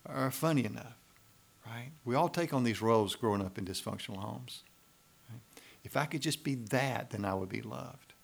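Speaking in a folksy, conversational style, this pastor keeps checking in with the congregation by asking "right?" His voice is mid-range with a touch of vocal fry.

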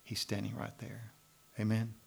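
A man preaching a sermon as pastor, lively and emphatic, often checking in with "right?" and pushing to loud emphasis. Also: lowish voice, moderate pace, gravelly, slightly rough.

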